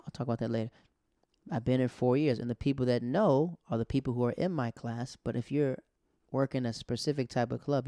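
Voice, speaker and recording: A man's voice: mid-range voice, creaky, warm tone, no room sound, clean studio sound. A man hosting his own podcast, a stand-up comic telling a loose, slangy story full of quoted dialogue. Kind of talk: casual storytelling monologue.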